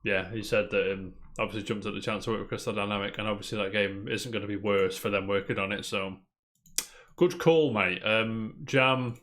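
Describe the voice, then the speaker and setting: A man with a fairly low voice co-hosts a casual podcast. He reads out news stories and rambles between them, throwing in a friendly "mate" every few lines. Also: fairly even intonation, fairly quick, hardly any pauses, sharp tone. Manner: chatty, rambling, peppers talk with "mate". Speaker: podcast co-host.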